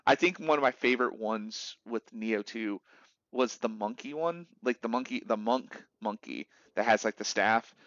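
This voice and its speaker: A man's voice: medium pitch, normal speed, no room sound. A young man streaming, casually chatting about a video game and acting out quotes in different voices. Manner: animated storyteller, acts out quotes in voices. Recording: dull lo-fi dry mic.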